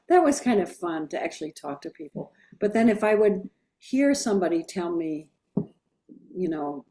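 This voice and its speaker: A woman's voice: mid-range voice, warm tone. A woman publisher with an East Coast American accent, talking casually and bluntly in an interview and laughing often.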